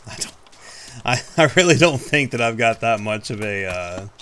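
A man talks through his own gameplay in a loose, rambling way, joking at his own expense and swearing offhand. His pitch sits in a middling range. A faint hiss of noise runs under the recording. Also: expressive, normal speed, fairly bright tone. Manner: rambling, self-mocking, swears casually. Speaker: gaming YouTuber. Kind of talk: casual gameplay commentary.

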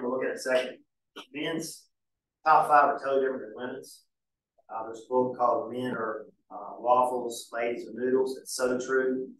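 A man's voice: medium pitch, a bit bright. Man, pastor, folksy teaching style, very reverberant church room, distant mic. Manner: conversational, folksy teaching with homespun examples. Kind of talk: marriage study class teaching. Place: church hall.

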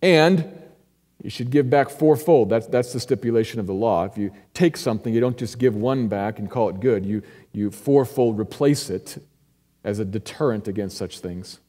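A man preaching an expository sermon as pastor, earnest, moving between hushed, quiet stretches and emphatic rises. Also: fairly low pitch, moderate pace. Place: church sanctuary. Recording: echoey church hall.

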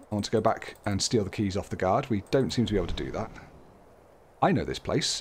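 Over game music and a little background noise, a man with a lowish voice hosts a casual let's play. He chats along, reads the on-screen text aloud, and tosses in light jokes.

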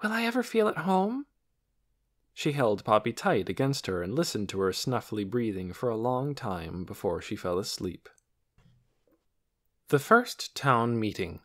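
A man narrating an audiobook chapter in an expressive storytelling manner. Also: a little slow. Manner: expressive storytelling with lively pitch. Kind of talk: scripted narration.

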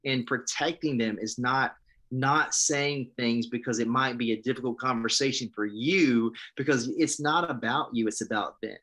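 A man's voice: medium pitch, moderate pace, a bit bright. A man in his thirties, a pastor, sharing his testimony in an interview, speaking earnestly and with passion, often restarting his sentences. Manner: earnest, impassioned, preacherly, with frequent restarts. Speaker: pastor and guest.

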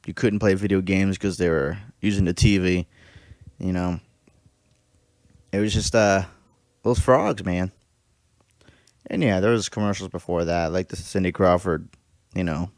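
A man's voice: low voice, a little mellow, no echo, studio quality. A man in his thirties hosting a reaction video, talking casually, laughing often and swearing freely. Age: 30s.

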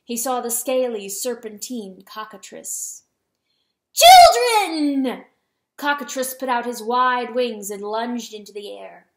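A woman giving a dramatic reading of a storybook, slowing down on solemn words. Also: a little high, steady tone, fairly bright tone. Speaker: audiobook reader. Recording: roomy echo.

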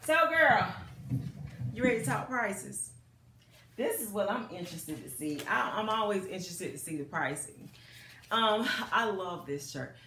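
A woman's voice: medium pitch, expressive, unhurried, bright, forceful tone, a little hiss or hum. A middle-aged woman, chatting casually and laughing through a clothing try-on haul, calling viewers girl and y'all. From United States. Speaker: fashion vlogger. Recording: echoey room.

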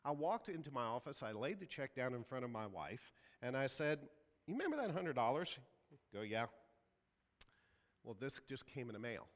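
A man's voice: medium pitch, sing-song, moderate pace, long reverb tail. A man preaching a sermon as a pastor, telling a story and acting out the people in it. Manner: storytelling, acts out quoted voices. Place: church sanctuary.

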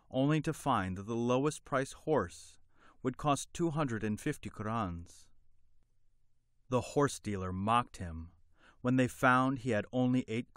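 Slow, measured male storyteller. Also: medium pitch, a bit bright, no room sound, studio quality. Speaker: narrator. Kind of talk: storybook narration.

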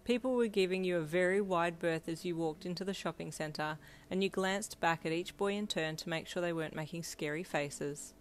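A woman narrating a fan fiction audio story in a brisk, plain storytelling manner. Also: fairly low pitch, a little hiss or hum.

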